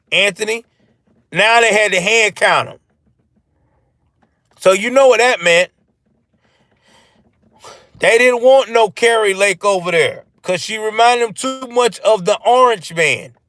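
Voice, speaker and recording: High voiced guy ranting live and cussing, talking back to chat, dry sound. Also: dry recording. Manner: profane, animated, answers chat. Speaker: live-stream host. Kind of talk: ranting political commentary.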